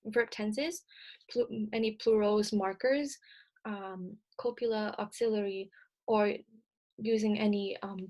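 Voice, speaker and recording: A young adult woman presenting a recorded slide lecture, explaining step by step with frequent ums and self-corrections. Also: medium pitch. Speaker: speech-language presenter.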